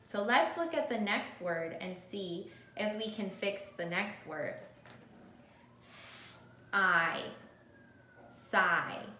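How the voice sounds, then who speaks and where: A woman teacher leads a phonics lesson for young children, talking slowly and sounding out each letter with patience. Her voice is bright and clear. The recording carries the echo of the room she teaches in, with a faint hum of ambience behind her. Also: medium pitch. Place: classroom or room with a board.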